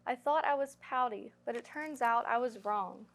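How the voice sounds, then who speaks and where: A woman's voice: fairly high pitch, normal speed, vocal fry, a bit bright, slight background noise. A woman voicing a glum, gloomy male fish who sounds resigned, in a storybook reading. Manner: mopey, resigned.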